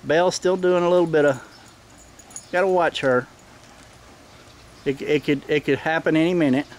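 A man's voice: a little high, fairly even intonation, normal speed. Plain-spoken man, outdoors. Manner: plain-spoken, firm commands with sudden sharp shouts at the dogs. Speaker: dog owner filming his own pack. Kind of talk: casual instructional narration. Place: outdoors in a backyard. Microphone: handheld camera mic.

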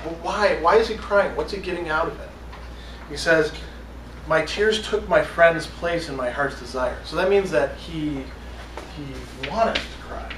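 A man's voice: fairly high pitch, measured pace, noisy background. Man lecturing a college class. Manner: conversational, reads quotes aloud then explains them. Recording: roomy classroom from a distance with faint ambience.

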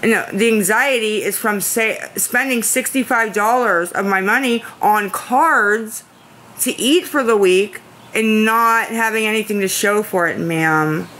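A woman livestreamer asks her viewers for money, pleading with chat in an anxious, defensive way as she answers their comments. She rambles and repeats phrases in a bright, tense voice of medium pitch, keeping a measured pace.

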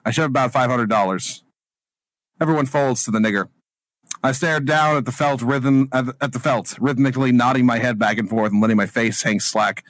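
A man's voice: mid-range voice, a bit bright, dry recording. A man hosting a podcast, reading a story aloud and breaking into laughing asides. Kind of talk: casual podcast chat and reading.

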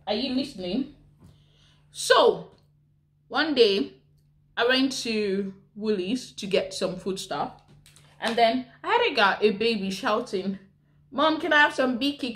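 Chatty Nigerian-accented woman vlogger. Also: medium pitch. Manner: chatty, full of rhetorical questions. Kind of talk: casual chat to camera.

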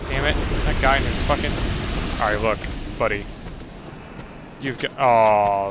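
A man giving casual gameplay commentary, swearing and talking back to the game, with loud game noise behind him. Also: medium pitch, a little slow, pauses often. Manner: profane, excitable, talking to the game. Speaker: let's play gamer.

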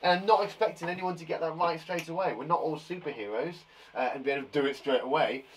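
A man's voice: on the high side, quick pace, a little hiss or hum, rough recording. A man from England teaching a live online maths lesson to young children, counting aloud and encouraging them with chatty asides. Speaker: primary school teacher.

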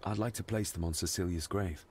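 A man's voice: low-pitched, brisk, a little mellow, a little hiss or hum, lightly acted. A man playing a polite, inquisitive young man asking about his late aunt. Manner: courteous, inquisitive. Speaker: game protagonist.

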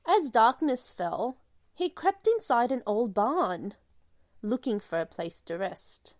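A woman reading a children's picture book aloud in a gentle, expressive storytelling manner. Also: a little high, slow pace, no room sound, clean studio sound.

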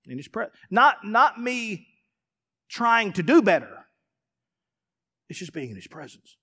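A man, a pastor preaching a sermon to a congregation in a church, emphatic and building to shouts. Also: high-pitched, very animated, unhurried, husky. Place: church sanctuary before a congregation.

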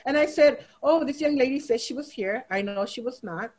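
Lively teacher lady, bit higher voice, acts out the kids when she tells stories. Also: a little fast, rough recording. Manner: animated, acts out students' voices in quotes. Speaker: teacher giving a training talk. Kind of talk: storytelling presentation.

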